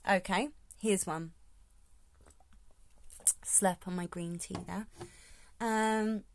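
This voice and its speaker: A woman's voice: mid-range voice, steady tone, very slow, slight background noise. A woman hosting her podcast in a casual, rambling solo talk, thinking aloud as she goes. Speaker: podcast host.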